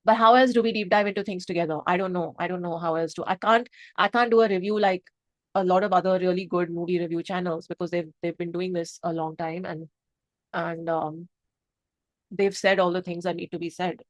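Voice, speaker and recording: A woman's voice: fairly low pitch, steady tone, fairly quick, no echo. A woman from India, reviewing a film to camera in a passionate, emotional, rambling way. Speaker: movie reviewer. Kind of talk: unscripted review chat to camera.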